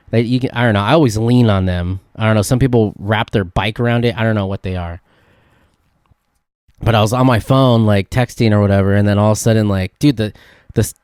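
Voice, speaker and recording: A young man from California, hosting a casual solo podcast and telling a rambling, excitable story full of "dude" and "like". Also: mid-range voice, no echo, clean studio sound. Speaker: podcast host.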